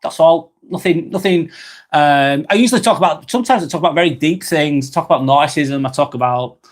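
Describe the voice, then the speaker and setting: A man hosting a slow, rambling live-stream vlog, reading out viewer comments with many fillers and apologies, a little under the weather. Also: on the high side. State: slightly under the weather, occasional cough.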